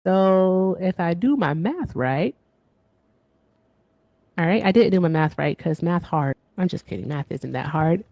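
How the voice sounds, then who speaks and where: A woman's voice: fairly low pitch, lively intonation, unhurried, no echo. A woman in her thirties hosting a casual livestream, playful and chatty, thanking donors. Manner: playful, chatty, reads donor shout-outs. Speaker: livestream host.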